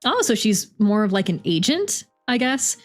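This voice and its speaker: A woman's voice: mid-range voice, very animated, normal speed, faint music behind, close to an everyday voice. A woman voicing a polite, eager stranger making friendly small talk.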